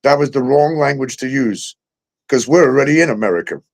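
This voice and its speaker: A man's voice: medium pitch, expressive, brisk, gravelly, darkish tone. A middle-aged man hosting a talk show, ranting with heavy profanity, sarcasm and disbelief.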